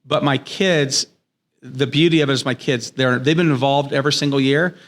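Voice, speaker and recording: A man's voice: mid-range voice, steady tone, normal speed. A man in his thirties or forties, a guest in a podcast studio, telling a family story in an earnest, enthusiastic way and acting out the dialogue. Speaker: podcast guest, business owner. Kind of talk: casual interview storytelling.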